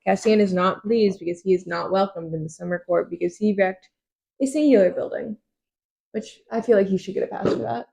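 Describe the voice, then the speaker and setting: A young woman casually recaps chapters on a book podcast, tossing in ums and the odd swear word. Her voice has a gravelly fry to it, and she slips into quick impressions of the characters as she goes. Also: mid-range voice, warm tone. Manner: retells scenes in quoted voices, frequent ums, swears casually. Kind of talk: casual book-club chat.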